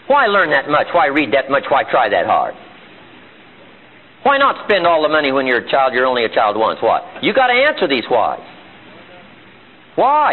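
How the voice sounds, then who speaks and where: A man's voice: medium pitch, husky. A man giving a live motivational seminar in a meeting room. He is emphatic and fires off rhetorical questions. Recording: tinny lo-fi archival seminar tape.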